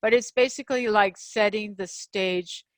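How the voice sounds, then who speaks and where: A middle-aged woman hosting a relationship show, teaching communication skills in a casual, animated way, with many fillers and restarts. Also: mid-range voice, normal speed, no room sound. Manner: animated, acts out quoted examples in a raised voice; frequent fillers and restarts, laughs between points. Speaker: podcast host and relationship coach.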